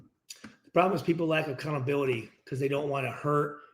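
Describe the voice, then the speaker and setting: A middle-aged man hosting a post-game reaction stream, ranting bluntly and profanely, acting out locker-room exchanges in quick voices. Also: fairly high pitch, echoey room, a little hiss or hum. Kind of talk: casual, profane livestream rant.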